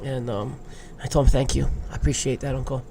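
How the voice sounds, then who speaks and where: Fast and creaky, with a mid-range voice and little pitch movement, this Hawaiian surfer talks amid a noisy background. A big wave rider in his thirties, he's a podcast guest candidly and emotionally sharing his life story, with casual swearing.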